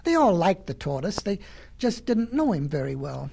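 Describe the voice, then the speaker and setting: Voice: medium pitch, very animated, moderate pace, vocal fry, mellow, breathy edge. A storyteller reading a children's animal tale in a folksy way, with chatty asides to the listener.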